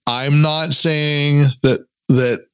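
A man's voice: on the high side, fairly even intonation, very slow, clear, resonant tone, no room sound. Rambling joking man on a podcast. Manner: rambling, joking, many restarts. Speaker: podcast co-host. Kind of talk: casual chat.

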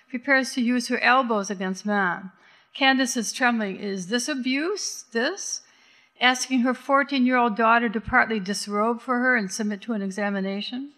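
A woman narrating an audiobook in an intense, measured way, slowing down on key words. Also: a little high, a bit bright. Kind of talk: scripted narration.

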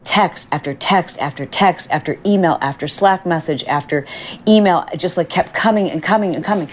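A middle-aged woman with a low voice hosts her podcast in a relaxed, chatty way. She talks animatedly and often acts out what other people say. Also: normal speed. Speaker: podcast host. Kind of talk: casual solo podcast chat.

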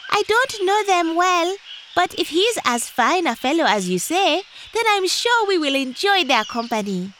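A storybook toad wife: squeaky, prim, easily startled, slow and swooping. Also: female voice, sing-song, a bit bright, a little hiss or hum, exaggerated voice.

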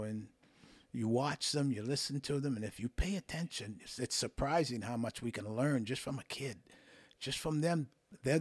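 An older man, a hockey coach, telling coaching stories in a measured way and acting out the people he quotes. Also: medium pitch, darkish tone, breathy edge, no room sound. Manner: measured, acts out quoted voices. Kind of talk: relaxed interview storytelling.

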